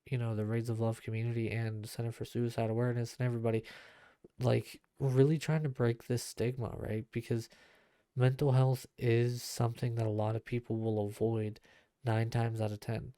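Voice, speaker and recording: An earnest young man talks bluntly on his own podcast, filling his sentences with restarts and asides. His voice is dark, smooth and mellow, recorded close and dry with no room sound. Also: mid-range voice, flat delivery, normal speed, dry recording. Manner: earnest and blunt, grows heated with frequent fillers and restarts. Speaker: podcast host and streamer. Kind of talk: casual solo podcast talk.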